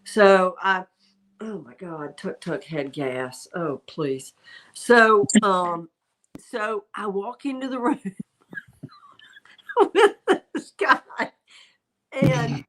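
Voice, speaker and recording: A woman's voice: mid-range voice, expressive, slow, pauses often, a bit bright, a little hiss or hum. A woman hosting a livestream as a psychic medium, telling a rambling story in casual chat and stopping now and then to talk to her pet.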